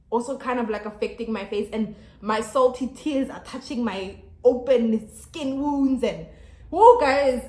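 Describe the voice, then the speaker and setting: A young woman with a South African accent recounts a hard experience to her vlog audience, animated and emotional, calling out to them as "guys." Her voice sits a little high. The room rings with a noticeable echo. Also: slight background noise. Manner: emotional, animated retelling, often addressing viewers as "guys". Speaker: YouTuber. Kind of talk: storytime vlog. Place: home by a busy road.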